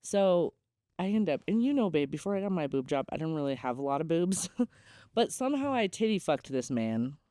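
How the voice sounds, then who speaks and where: Young woman host, frank storyteller, smooth and clear, dry booth sound. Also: sits low, warm tone, no echo. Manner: candid and chatty, many "like"s. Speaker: podcast host. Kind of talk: casual storytelling.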